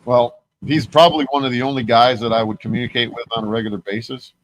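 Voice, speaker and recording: A man's voice: mid-range voice, steady tone, fast, a little hiss or hum. A man hosting a podcast, telling long, heated stories full of swearing and restarts. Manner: profane, heated, rambling storytelling. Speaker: podcast host. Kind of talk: casual conversation.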